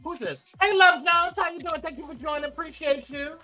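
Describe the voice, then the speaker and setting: A man hosting a casual live-stream morning show, animated and playful, his voice swooping high when he teases. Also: fairly quick, faint music behind, poor audio. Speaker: host.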